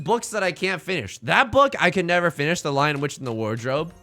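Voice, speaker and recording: A man's voice: fairly high pitch, brisk, few pauses. A man streaming, chatting casually and jokingly with viewers while playing a game. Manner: rambling, jokey, animated asides.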